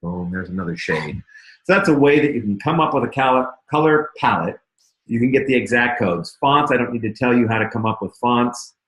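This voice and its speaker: A man's voice: medium pitch, animated, brisk, fairly bright tone, roomy sound, rough recording. A man giving a casual marketing lesson while clicking through his screen, chatty and full of fillers and restarts. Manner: chatty, self-interrupting, many fillers. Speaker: marketing instructor. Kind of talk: casual screen-share teaching.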